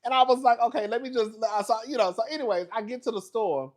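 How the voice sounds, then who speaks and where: A man's voice: very high voice, fast talker. A man hosting a casual, profane gossip recap of a reality show, telling stories with sass and frequent laughter. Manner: sassy, animated storytelling with profanity and dramatic asides; laughs often.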